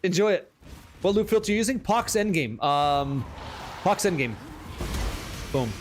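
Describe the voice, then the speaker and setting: A man with a high-pitched voice narrates his live game session, chatty and easily excited. He swears casually as he talks to his viewers, with a faint hum of ambience behind him. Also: unhurried. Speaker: streamer. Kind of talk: live gameplay commentary.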